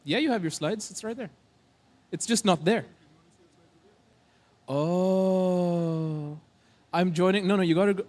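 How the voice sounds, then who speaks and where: A man's voice: high-pitched, takes it slowly, long pauses, a little mellow. A man hosting a tech conference on stage, joking and chatting playfully with the crowd. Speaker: conference emcee. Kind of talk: casual stage banter.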